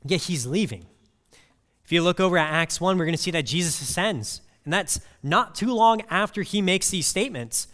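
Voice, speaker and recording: A man's voice: sits high, lively intonation, moderate pace, fairly bright tone. A man preaching a sermon in a conversational way, mixing scripture with personal stories. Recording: long reverb of a hall.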